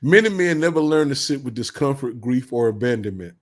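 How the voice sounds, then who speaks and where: Man, mid pitch, blunt preachy vlogger who repeats his points. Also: animated, brisk. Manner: blunt, preachy, heavy slang, repeats insults with bursts of laughter. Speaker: commentary vlogger. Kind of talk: casual advice monologue.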